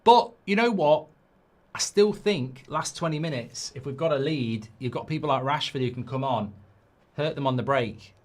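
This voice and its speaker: Higher-voiced man hosting a live football watchalong. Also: normal speed. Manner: swearing, exasperated outbursts at the game; reads viewer comments aloud. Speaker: watchalong host.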